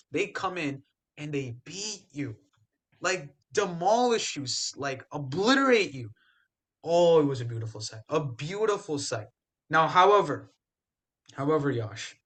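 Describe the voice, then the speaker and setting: A young man on a casual sports podcast, trash-talking rivals with big emphasis. His voice sits a bit high for a man. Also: fairly bright tone. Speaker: podcast co-host.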